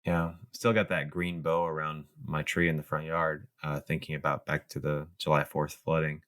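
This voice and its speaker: A man's voice: extremely low pitch, little pitch movement, moderate pace, fairly bright tone. A man from Texas co-hosting a political podcast, speaking in an emphatic, impassioned way. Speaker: podcast co-host. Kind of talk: casual political chat.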